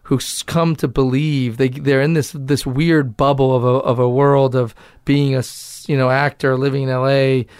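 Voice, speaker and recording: A man's voice: mid-range voice, level tone, moderate pace, few pauses, a little mellow, smooth, dry recording, clean studio sound. A man with a Boston accent, an actor guest talking candidly and loosely in a casual interview, swearing and laughing easily.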